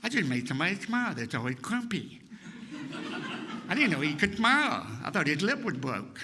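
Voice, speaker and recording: A man as guest speaker, telling a personal story to a congregation in an animated way, acting out what others said. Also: fairly high pitch, normal speed, slight background noise. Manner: animated, acts out quotes, laughs often. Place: congregation hall.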